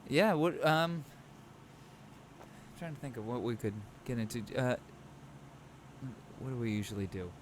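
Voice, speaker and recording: A man's voice: mid-range voice, expressive, a little slow, pauses often, noisy background. A man co-hosting a podcast, chatting casually and thinking aloud with lots of fillers. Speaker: podcast co-host. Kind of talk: casual chat.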